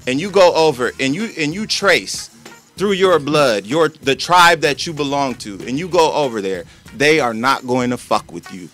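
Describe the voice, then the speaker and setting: A man's voice: medium pitch, animated, normal speed, fairly bright tone, faint music behind. An American man hosting a casual debate, earnest and reasoning his point step by step. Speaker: podcast host.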